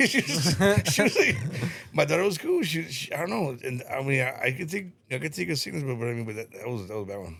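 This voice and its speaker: A man's voice: medium pitch, big pitch swings, fast, gravelly, a bit bright. A middle-aged man telling stories in casual podcast chat, repeating words, swearing and laughing as he rambles. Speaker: podcast guest.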